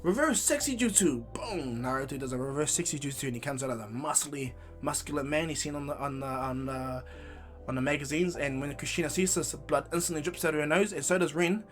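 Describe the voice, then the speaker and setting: A man's voice: medium pitch, fairly even intonation, a little fast, fairly bright tone, faint music behind. A man casually retelling a fan story, rambling with restarts.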